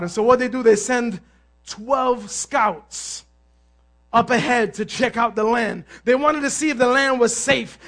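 A male pastor preaching a sermon, telling stories with lively energy, calling out to the congregation and sometimes shouting. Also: very high-pitched. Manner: animated storytelling, asks the crowd "amen?", bursts of shouting.

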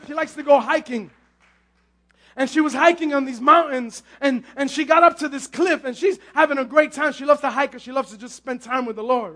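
A male pastor preaches fervently in an extremely high pitch, frequently repeating himself, stumbling over words, and erupting into shouts.

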